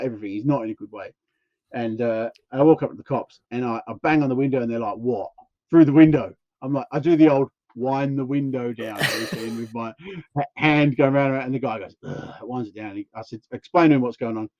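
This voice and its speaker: A podcast co-host with a medium-pitched voice spins a long, rambling anecdote in casual chat, animatedly acting out what others said. The recording is dry and lo-fi.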